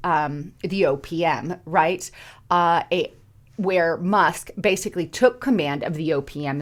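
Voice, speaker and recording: A middle-aged woman hosting casual political commentary, emphatic, repeating words and rising sharply to stress points. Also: on the low side.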